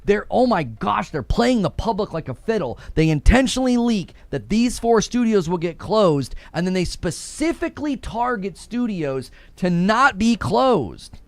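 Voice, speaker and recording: Animated, ranting male gaming streamer. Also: high voice, a little slow, hardly any pauses, dry recording. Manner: indignant, combative, ranting. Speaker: livestream host. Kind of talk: gaming commentary livestream.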